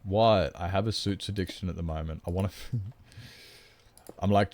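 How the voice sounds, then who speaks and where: A man's voice: fairly even intonation, moderate pace, pauses often, a little mellow. A man chatting casually with viewers on a live stream, playful and teasing, putting on mock-whiny protests. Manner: playful, teasing, mock-whiny, squeaking up high when joking. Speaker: livestreamer. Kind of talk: casual livestream chat with viewers.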